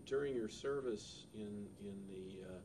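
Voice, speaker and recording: Distant, low-voiced male interviewer. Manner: hesitant, halting phrasing of questions. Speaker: oral history interviewer. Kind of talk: interview questions. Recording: distant mic with noticeable background noise.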